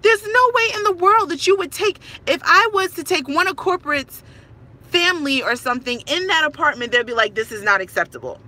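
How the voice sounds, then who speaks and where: A woman's voice: very high-pitched, fairly quick, bright, forceful tone. A stressed woman in her thirties, a tenant filming a complaint on her phone, talking emphatically and repeating herself in frustration. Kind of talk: ranting to camera.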